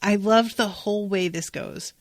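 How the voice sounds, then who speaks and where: A woman with a mid-range voice hosts a podcast, recapping an episode in casual, enthusiastic and emphatic chat with some swearing. She talks at normal speed, and the studio sound is clean with no room sound.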